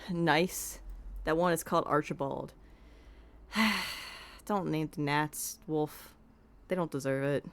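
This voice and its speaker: A woman's voice: low-pitched, takes it slowly, pauses often. A woman casually chatting while streaming a game from her home setup, close on a desk microphone. Her talk is loose and self-deprecating, with asides to her cat. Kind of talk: casual let's-play chat.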